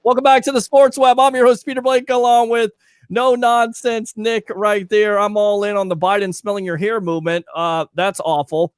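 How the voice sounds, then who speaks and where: Man hosting sports talk, high voice, lively joking banter, dry close mic. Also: moderate pace, clean tone, no room sound. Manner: animated, reads listener comments, jokey banter. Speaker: sports talk show host. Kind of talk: casual live call-in sports chat.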